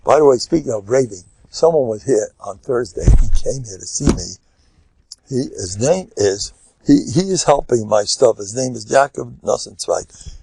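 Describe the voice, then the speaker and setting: An older man, a rabbi giving an animated lecture, emphatic with sudden loud bursts and a chatty, storytelling way. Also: mid-range voice, moderate pace, creaky, slightly rough.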